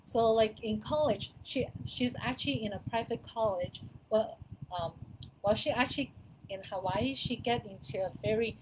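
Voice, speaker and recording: A woman's voice: a little high, normal speed, background noise. Chatty middle-aged woman coaching parents. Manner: chatty, repeats herself, laughs softly. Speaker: wellness coach talking to parents. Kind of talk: casual advice talk to camera.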